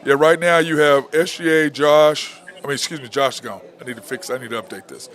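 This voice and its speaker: A man hosts a sports talk show with blunt, opinionated energy. He keeps throwing rhetorical questions at the listener, his voice sitting slightly higher than most men's. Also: a little fast, a crowd in the background. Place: outdoor venue at a barbecue spot.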